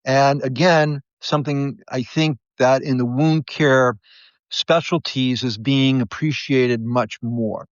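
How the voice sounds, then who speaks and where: A man's voice: mid-range voice, fairly even intonation, slow pace, no room sound. A man speaking as a podiatrist guest in an interview, telling stories earnestly and animatedly, often restarting his sentences. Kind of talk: conversational storytelling interview. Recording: slightly muffled, dry.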